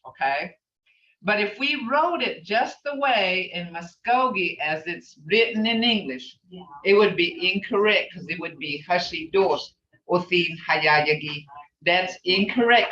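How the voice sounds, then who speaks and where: Older woman teacher, bright and slow, roomy lo-fi sound from off the mic. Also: mid-range voice, slight background noise. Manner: rambling, repeats "okay?" to check understanding. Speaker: language teacher. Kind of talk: informal online language class. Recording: echoey, distant, dull lo-fi audio.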